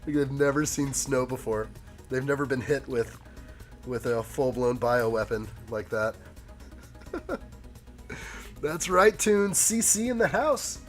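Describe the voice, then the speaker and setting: Hoarse man chatting on a live stream. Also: medium pitch, expressive, takes it slowly, long pauses, soft background music. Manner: chatty and joking, reads viewer comments aloud. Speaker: live stream host building a toy set. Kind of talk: casual live stream chat.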